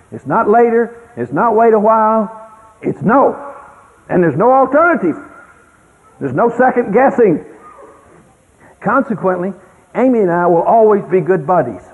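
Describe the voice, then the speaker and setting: High lively older man on tinny radio. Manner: folksy, anecdotal, emphatic with sudden loud exclamations. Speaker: speaker on child rearing. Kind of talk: storytelling talk. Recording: tinny lo-fi radio broadcast with long reverb.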